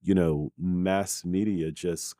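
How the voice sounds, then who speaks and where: A Brooklyn man in his thirties, guesting on a podcast in a recording studio, speaks slowly in a low, mellow voice with fairly even intonation. The sound is dry and studio-quality, and he talks earnestly, often checking in with "right?" and "you know."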